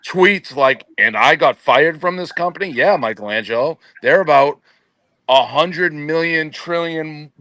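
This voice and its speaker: A man's voice: on the high side, a bit bright, no echo. A man on a podcast panel, ranting in a profane, exasperated and blunt way. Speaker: company boss on a podcast panel. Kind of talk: heated casual rant.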